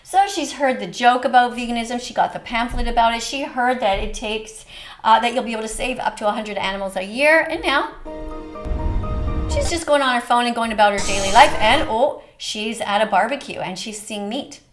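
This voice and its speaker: A woman's voice: on the high side, normal speed, over music. A woman hosting a reaction video, speaking earnestly and emotionally, with a preachy tone. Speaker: host reacting to a short film. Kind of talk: reaction commentary.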